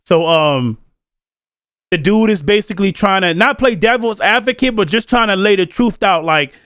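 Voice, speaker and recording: Male podcast co-host, high voice, animated casual talker, dry close mic. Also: moderate pace, no echo. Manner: animated, laughing, acts out quoted people.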